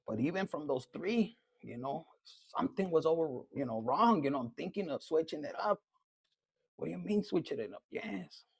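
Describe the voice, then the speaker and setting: A man gives a loose, profane tarot reading in a chatty, blunt manner. His voice sits high for a man, with a gravelly, husky texture. The sound is dry and close, with little room around it. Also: animated, moderate pace, dry recording. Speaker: tarot reader.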